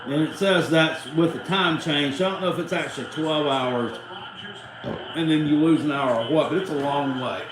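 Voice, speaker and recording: A man's voice: on the high side, moderate pace, echoey room, noisy background. Salty man rambling on a stream. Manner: rambling, salty, cusses freely. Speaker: livestream host. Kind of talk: casual watchalong chat.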